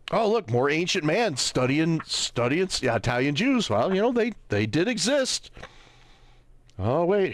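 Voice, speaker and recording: A man with a somewhat high voice gives slow, sarcastic livestream commentary, his pitch swinging widely as he mocks and quizzes an unseen audience. The sound is dry and close, with no room around it. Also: no room sound. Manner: sarcastic, mocking, keeps asking "right?"; squints at small text, reads aloud haltingly. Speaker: livestream host. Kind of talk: livestream commentary while browsing.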